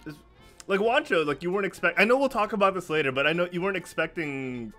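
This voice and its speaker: A man hosting a casual geek podcast, laid-back and quick to laugh. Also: high voice, animated, bright, forceful tone, soft background music. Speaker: podcast host. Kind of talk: casual chat.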